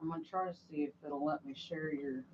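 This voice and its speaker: A woman's voice: sits low, fairly even intonation, fairly quick, darkish tone. A woman co-hosting a livestream in a casual chat, relaying helpful messages to viewers. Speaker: co-host. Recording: dull lo-fi audio with faint background noise.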